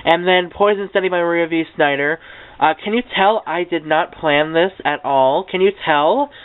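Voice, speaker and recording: A young man chats his way along his bookshelf, excitable and a little tongue-tied, tossing in casual swears. His voice sits a touch high and comes through clean and crisp in itself. The sound is tinny and narrow, like a cheap webcam or phone line. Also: moderate pace. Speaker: book vlogger. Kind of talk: casual unscripted bookshelf tour.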